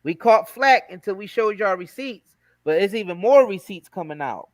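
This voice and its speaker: A man hosting a casual talk show, talking in an animated, emphatic, slangy way. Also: high-pitched, normal speed, no room sound, poor audio. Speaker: host. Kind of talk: casual chat.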